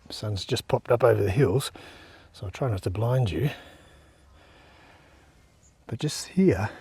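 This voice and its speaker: A man's voice: fairly low pitch, animated, a little slow, vocal fry, dark tone, slightly rough, dry recording. Easygoing Australian man rambling outdoors. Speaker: vlogger. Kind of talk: casual outdoor vlog chat. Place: outdoors on a riverside trail.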